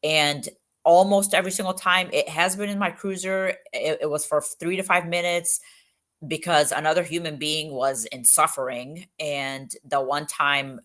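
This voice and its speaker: Low-voiced, earnest woman police officer. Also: a bit bright. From Egypt. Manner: earnest, emphatic, fast bursts with many fillers. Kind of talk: candid interview storytelling.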